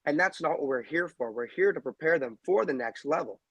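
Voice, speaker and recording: A man's voice: fairly high pitch, lively intonation, a little fast, gravelly, a bit bright, slightly rough, no echo. A man co-hosting a podcast, making firm, emphatic points about officiating. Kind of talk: casual podcast discussion.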